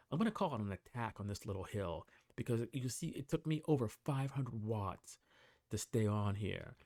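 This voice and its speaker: A man casually narrating a voice-over of his group bike ride, talking through the action in a relaxed, conversational way. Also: mid-range voice, no room sound, studio quality. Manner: relaxed, conversational play-by-play with small restarts. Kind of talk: casual recorded voice-over commentary. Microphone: desktop voice-over mic.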